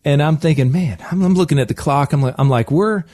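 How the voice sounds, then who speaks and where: A man hosting a radio show, telling a lively personal story with frequent laughs. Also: on the high side, fast talker, dry recording.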